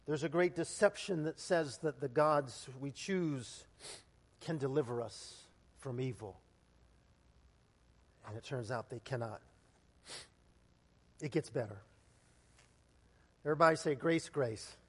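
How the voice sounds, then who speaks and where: A man preaching a sermon as pastor, telling stories and building to loud, emphatic peaks. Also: mid-range voice, slow, pauses often. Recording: long hall reverb.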